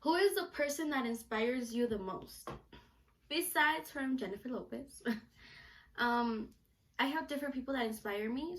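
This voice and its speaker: A young woman telling an animated story to camera in a casual vlog, filling her talk with "like". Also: a little high. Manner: chatty, animated, lots of filler "like". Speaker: vlogger.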